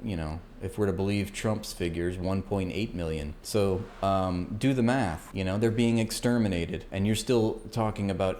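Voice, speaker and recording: A man's voice: sits low, moderate pace, few pauses, a little mellow, a little hiss or hum. A young man giving a heated political rant in a combative, sarcastic and profane way. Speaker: political commentator.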